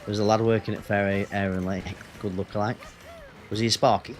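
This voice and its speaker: Man, deep-ish voice, streamer chatting with viewers, faint music behind. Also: level tone, fairly quick. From Northwest England. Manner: chatty, banters with chat, swears. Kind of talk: casual gaming stream chat.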